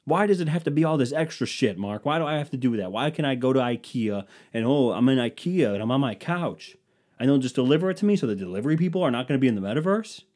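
A young man hosting his own podcast, ranting in a worked-up way that swings from loud outbursts to low mutters. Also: lively intonation, fast. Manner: worked-up ranting, swinging between shouting and mumbling. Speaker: podcast host. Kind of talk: solo podcast rant.

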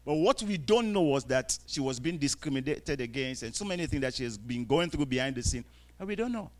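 A man preaching a sermon, dropping to quiet asides and rising to loud, drawn-out scripture readings, asking the congregation to answer back. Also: medium pitch, lively intonation, rough recording. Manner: calls out to the congregation for responses.

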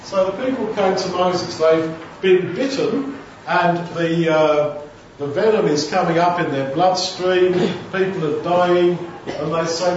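A man delivers a sermon in a chatty, conversational style, slipping into quick acted-out dialogues. His voice sits a little high. He is recorded from a distance in a booming, echoey hall, with a dull tone and a faint background hum. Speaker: preacher. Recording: echoey room, distant mic, dull sound.

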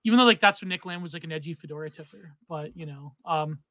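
Male podcast co-host, loose rambly chat, high-pitched, dry close sound. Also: fast, pushed and bright, no echo. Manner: rambling, many fillers and restarts. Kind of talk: casual chat on a livestream.

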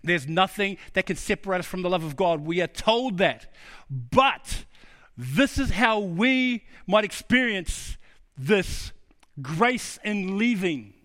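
High-voiced preacher in an echoing hall. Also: male voice, expressive, slow pace, a bit bright. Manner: emphatic, repeats key words. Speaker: pastor. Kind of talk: sermon. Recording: long hall reverb.

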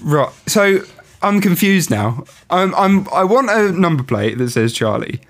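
A man's voice: sits high, big pitch swings, measured pace. A man co-hosting a casual podcast, chatting loosely, laughing often and swearing freely. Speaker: podcast co-host.

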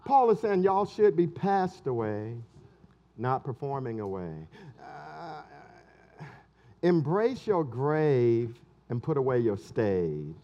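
A man's voice: medium pitch, big pitch swings, slow, muffled recording. A man preaching a sermon as pastor, emphatic and colloquial, repeating key phrases.

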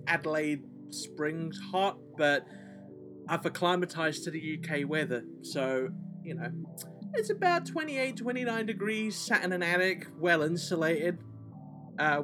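A man co-hosting a casual podcast from a hot home attic, relaxed and wry, often restarting his words. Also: fairly high pitch, unhurried, music in the background. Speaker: podcast co-host.

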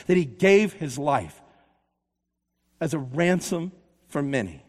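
A male pastor preaching a sermon, passionate and rhythmic, shifting from loud repeated build-ups to quiet storytelling. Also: fairly high pitch, very animated, takes it slowly, long pauses. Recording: long reverb of a large hall.

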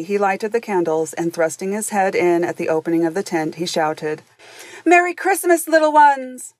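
A woman narrating a classic storybook in a gentle storyteller's manner, speaking directly to the listener. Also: mid-range voice, no echo. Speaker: audiobook narrator.

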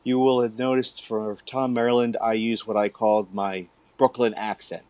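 A man's voice: fairly low pitch, normal speed, no echo, lo-fi sound. Man chatting casually on a podcast, dry sound. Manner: relaxed, chatty, with laughs and fillers. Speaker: podcast host. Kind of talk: casual chat.

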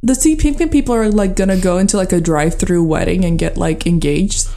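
A woman co-hosting a podcast, chatting casually with sassy, expressive reactions and jokes. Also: on the low side, fairly quick. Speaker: podcast co-host. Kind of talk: casual chat.

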